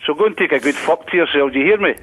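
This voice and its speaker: A man's voice: on the high side, racing, fairly bright tone, low-quality recording. A Glaswegian man answering a prank call, combative and swearing heavily. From Glasgow, Scotland. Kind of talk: angry phone argument.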